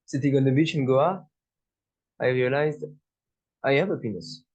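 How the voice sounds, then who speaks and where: A man's voice: mid-range voice, normal speed, darkish tone, natural voice. A man playing an earnest male job candidate who answers eagerly in slightly broken English.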